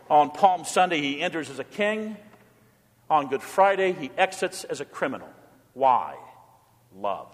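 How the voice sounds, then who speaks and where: In a big-sounding room, a male pastor with a fairly high, sing-song, unhurried voice preaches in church. He builds his points with repeated rhetorical questions and leads the congregation in call-and-response.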